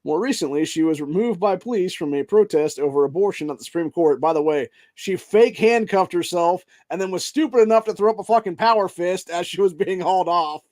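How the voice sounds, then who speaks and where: Guy hosting a podcast, kinda high voice, reads the news then goes off cussing and saying dude constantly. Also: brisk, hardly any pauses. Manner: heavy profanity, keeps tacking "dude" onto sentences; angry, heated tirades between flat read-outs. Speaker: podcast host. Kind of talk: reading news articles aloud and ranting over them.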